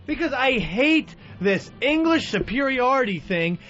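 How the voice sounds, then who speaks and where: A man's voice: very high-pitched, very animated, unhurried, a bit bright. A man co-hosting a radio talk show, ranting and easily worked up in casual banter. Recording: dull radio broadcast with faint music.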